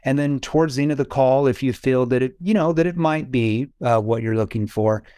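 A man's voice: medium pitch, fairly quick, dark tone, clear, resonant tone, dry recording, studio quality. A man coaching on sales calls, explaining his phrasing and acting out calls with prospects. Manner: acts out phone calls with prospects; explanatory, asks rhetorical questions. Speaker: sales trainer. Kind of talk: sales coaching podcast talk.

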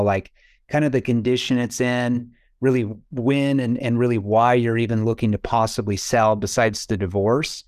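A man's voice: mid-range voice, a little mellow, dry recording, clean studio sound. A man coaching on sales calls, explaining his phrasing and acting out calls with prospects. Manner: acts out phone calls with prospects; explanatory, asks rhetorical questions. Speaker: sales trainer. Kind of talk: sales coaching podcast talk.

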